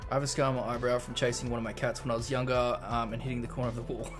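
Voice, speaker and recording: A man's voice: medium pitch, big pitch swings, fast talker, music in the background. A young Australian man chatting casually on a live stream, reading out chat messages and rambling through stories.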